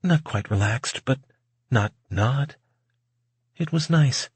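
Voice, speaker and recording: A husky-voiced man reads an audiobook in the first person, in a measured and wry way. His pitch sits in the middle range and the recording is dry and close, with no room sound at all. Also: expressive, no echo. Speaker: audiobook narrator. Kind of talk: audiobook narration.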